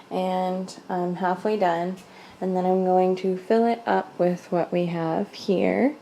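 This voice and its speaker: A woman's voice: mid-range voice, dark tone, a little hiss or hum, low-quality recording. Chatty young woman vlogging at home. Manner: chatty, rambling, laughs often. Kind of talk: casual daily vlog narration. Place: home kitchen.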